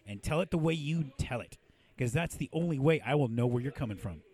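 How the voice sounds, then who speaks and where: A man's voice: mid-range voice, animated, fairly quick, a little mellow, slightly rough. A man who hosts a podcast, telling profane stories in casual chat and laughing often. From Mexican-American from San Diego. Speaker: podcast host and puppeteer. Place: podcast studio.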